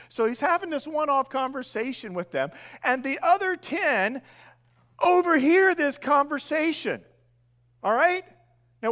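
A middle-aged man preaches with a notably high voice. He delivers the sermon animatedly, slipping into the voices of the people in the story as he goes. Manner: animated, acts out the disciples' voices. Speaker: pastor.

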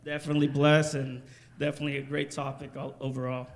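A man in a church congregation giving a halting testimony with many pauses. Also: medium pitch, little pitch movement. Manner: halting, full of pauses and fillers. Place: church sanctuary.

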